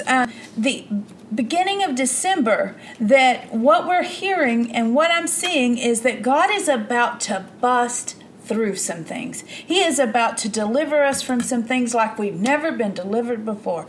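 A woman's voice: on the high side, a little hiss or hum. A woman podcast host giving an earnest devotional teaching with prayer, building emphasis through repeated phrases. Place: Granbury, Texas.

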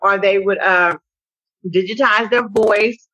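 Woman telling her story on a podcast, kinda husky, bright edge, acts out what everyone said. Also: mid-range voice, takes it slowly, no room sound, poor audio. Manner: animated storyteller, acts out quotes. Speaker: interview guest, advocate. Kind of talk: conversational testimony.

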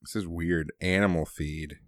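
Slow deep-ish guy reading trivia questions, laid-back, dry sound. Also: fairly even intonation, no room sound. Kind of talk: casual chat.

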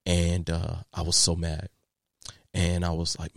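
A man's voice: low-pitched, measured pace, gravelly, no room sound, studio quality. A man, a landscaping business owner, telling candid stories in an interview with lots of fillers and restarts. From Texas. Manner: candid, animated storyteller with many fillers and restarts. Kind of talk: interview storytelling.

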